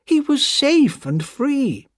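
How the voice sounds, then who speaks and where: A woman voicing an anxious older gentleman who protests in alarm in a read-aloud story. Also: very high voice, big pitch swings, slow pace, no room sound, clean studio sound, pitched above the performer's own voice, heavily acted.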